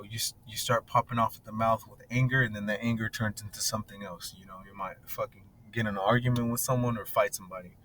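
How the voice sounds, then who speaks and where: A man's voice: on the low side, a bit bright, a little hiss or hum. A man teaching scripture in a blunt, casual, profane way, often asking "right?". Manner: blunt and profane, tags lines with "right?" and "bro".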